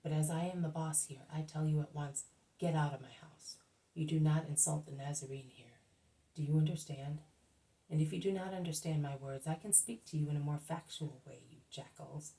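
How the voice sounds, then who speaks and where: A woman's voice: sits low, normal speed, warm tone, distant mic, poor audio. A woman voicing a burly, furious male innkeeper who threatens his guests bluntly.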